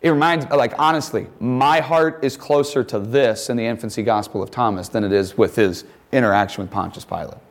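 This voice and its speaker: Male campus speaker, conversational and wry, acts out quotes, middle pitch. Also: a little fast, hardly any pauses. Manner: casual, joking asides, acts out quotes. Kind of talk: conversational chapel talk.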